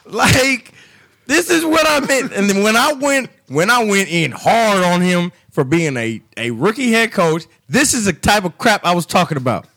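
A man's voice: high-pitched, sing-song, normal speed, pushed and bright. A man co-hosting a casual sports chat, ranting in an exasperated way. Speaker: sports podcast co-host.

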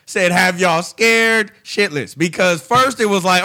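A man's voice: high voice, unhurried, few pauses, pushed and bright. A man co-hosting a casual sports chat, ranting in an exasperated way. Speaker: sports podcast co-host.

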